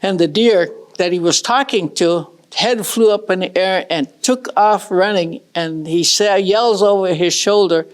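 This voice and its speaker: A middle-aged woman from northern Michigan telling a traditional story in a folksy, unhurried way, with casual asides to her listeners. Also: on the low side.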